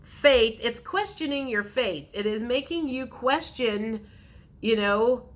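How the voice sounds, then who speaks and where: A woman's voice: a little high, takes it slowly. Chatty woman doing a tarot reading. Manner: chatty, frank, speaks straight to the viewer. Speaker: tarot reader. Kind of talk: casual tarot reading to camera.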